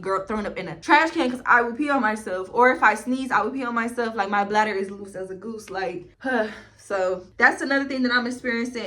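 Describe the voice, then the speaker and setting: A woman's voice: on the high side, bright, forceful tone. A woman vlogger telling a casual storytime to her viewers, candid, chatty and blunt, with frequent swearing.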